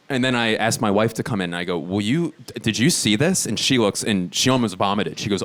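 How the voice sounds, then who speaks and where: A man in his thirties from Philadelphia doing a stand-up comedy set on stage, animated and often leaping into shrieking high voices for his bits. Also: fairly quick. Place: theater stage before a live audience. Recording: live show with loud audience noise.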